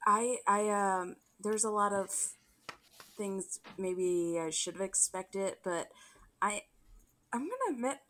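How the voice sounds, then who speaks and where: A woman's voice: mid-range voice, animated, slow pace, a bit bright, a little hiss or hum. A woman chatting casually on a podcast, rambling and self-conscious, a little emotional. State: emotional, close to tears. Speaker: podcast co-host. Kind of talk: casual chat.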